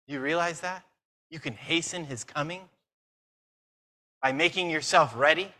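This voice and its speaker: A man preaching a conference sermon, lively and self-mocking, firing questions at the audience. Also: a little high, moderate pace. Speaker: conference speaker.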